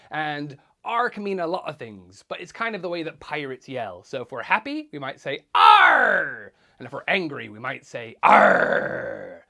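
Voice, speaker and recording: A man's voice: on the high side, fairly bright tone. A man teaching young children as a theatrical pirate showman, calling out exclamations and quizzing his audience. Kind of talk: interactive lesson for young children.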